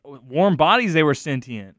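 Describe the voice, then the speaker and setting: A man's voice: a little high, lively intonation, unhurried, a bit bright, no room sound, clean studio sound. A young man co-hosting a podcast, arguing his opinions on movies and games in casual chat. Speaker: podcast co-host.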